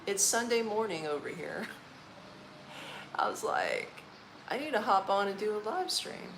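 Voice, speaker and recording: A woman's voice: mid-range voice, sing-song, unhurried, long pauses, fairly bright tone, slight background noise, rough recording. A woman from Orlando, Florida, chatting casually on a live stream from her apartment, tired and eating as she talks, laughing often and using folksy slang. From Orlando, Florida, United States. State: tired, eating while talking. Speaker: vlogger hosting a live stream.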